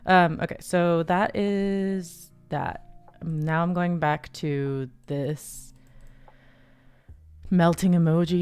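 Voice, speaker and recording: A woman hosting a casual livestream, chatty and giggly, breaking into high excited squeals. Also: takes it slowly, clean tone, dry recording. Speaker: livestream host. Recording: dry close sound, faint music behind.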